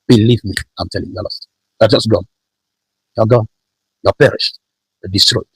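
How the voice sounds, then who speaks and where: A man's voice: on the low side, fairly even intonation, normal speed, vocal fry, breathy edge, no room sound, low-quality recording. A man preaching a sermon, emphatic and repetitive, driving his points home with rhetorical questions.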